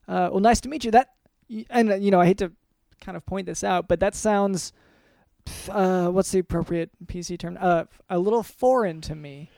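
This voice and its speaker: Deadpan male co-host, dry close mic, lots of "um"s and stalls. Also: high voice, normal speed, vocal fry, dry recording. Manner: deadpan, hesitant, many fillers. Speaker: podcast co-host. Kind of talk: deadpan comedy podcast chat.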